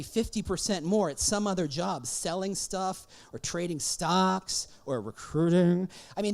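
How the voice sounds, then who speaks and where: A man's voice: on the high side, a little mellow. A man giving a conference talk, wry and teasing, firing rhetorical questions at the audience. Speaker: conference speaker. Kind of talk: keynote talk. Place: conference stage.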